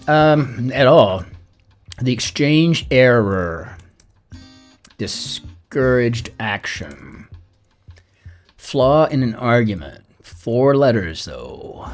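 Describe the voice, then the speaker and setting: A middle-aged man solving a crossword aloud as host, chatty and rambling, muttering the clues half to himself. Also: mid-range voice. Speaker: crossword solver and channel host. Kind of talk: casual think-aloud puzzle solving. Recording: soft guitar music underneath.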